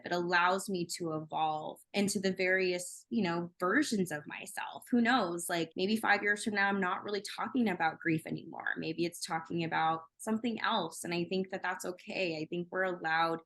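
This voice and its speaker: Woman author on a podcast, low-ish voice, reflective and chatty. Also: steady tone, normal speed, few pauses, a bit bright. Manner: reflective, thoughtful. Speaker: guest, author and speaker. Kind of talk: casual conversation.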